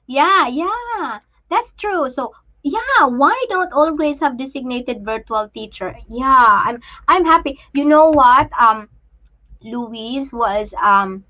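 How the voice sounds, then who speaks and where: A woman hosting a casual live chat, talking in a halting, emotional way with many restarts while she shows things to the camera. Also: sits high, expressive, sharp tone, highs cut off. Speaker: livestream host and parent.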